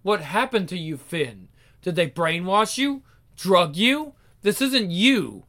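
A man's voice: high-pitched, lively intonation, slow pace, pushed and bright, heavily acted. A man voicing a determined young heroine who pleads with and confronts her brother in a story. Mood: pleading. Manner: urgent, pleading.

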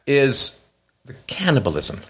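A man talking casually with a co-host about a film, joking and sarcastic about how little sense it makes. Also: a little slow. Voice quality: lively pitch, jokey and sarcastic about film logic. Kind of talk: casual chat.

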